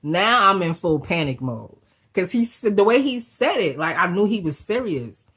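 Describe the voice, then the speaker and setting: A woman vlogger telling a storytime in a slangy, animated way, swearing freely and acting out the people in her story. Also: fairly low pitch, normal speed, slight background noise. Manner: acts out the voices of people in the story. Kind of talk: storytime vlog.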